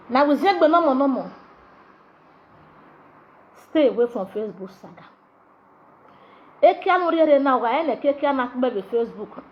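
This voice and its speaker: Brash high-voiced Nigerian Pidgin woman. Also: muffled recording. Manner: brash, mocking, switches between pidgin and local language. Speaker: gossip show host. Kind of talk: animated gossip commentary.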